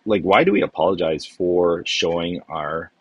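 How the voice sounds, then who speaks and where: A man's voice: low-pitched, moderate pace, husky, dry recording. A man hosting a podcast conversation, talking earnestly with many restarts and trailing phrases. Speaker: podcast host.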